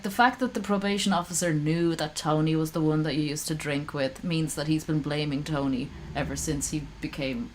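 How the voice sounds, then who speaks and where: A woman's voice: low-pitched, darkish tone, a little hiss or hum. Profane, rambling woman streamer. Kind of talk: casual live-stream commentary.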